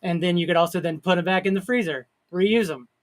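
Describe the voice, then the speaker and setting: A man's voice: high-pitched, quick pace. A man co-hosting a casual chat, telling stories and laughing often. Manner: jokey storyteller, laughs often. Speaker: podcast co-host.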